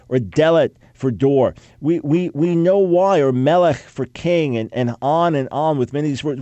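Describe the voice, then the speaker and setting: Speaking in a slightly high, warm voice on a recording without room sound, a Bible scholar with a doctorate in Semitic languages traces how Hebrew names and vocabulary changed. His lecture is emphatic, peppered with quick asides that mock quoted objections.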